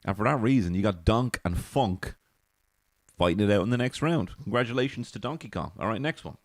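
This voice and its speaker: A low-pitched man hosts a comedy podcast. His monologue is loose, sweary and full of chuckles. The voice sits close and dry, with no room sound. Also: expressive, fairly quick, no echo. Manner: profane, giggly and rambling.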